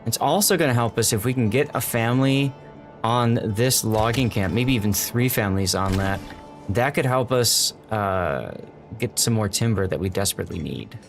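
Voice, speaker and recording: Faint music runs under this casual live-stream, where a man plays a city-building game, talking through his thoughts and saying hello to his chat. His voice sits fairly low and he talks at a normal speed.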